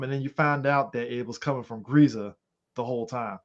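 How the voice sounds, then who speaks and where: A man co-hosting a podcast in casual chat, animated and profane, rambling with lots of fillers. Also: medium pitch, brisk. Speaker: podcast co-host. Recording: slightly muffled lo-fi audio.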